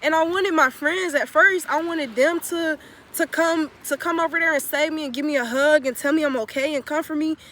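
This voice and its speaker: Bright-voiced young woman, blunt and profane. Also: high voice, moderate pace, a little hiss or hum. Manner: blunt, profane and emphatic, repeating phrases. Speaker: spiritual vlogger. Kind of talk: confessional storytelling monologue.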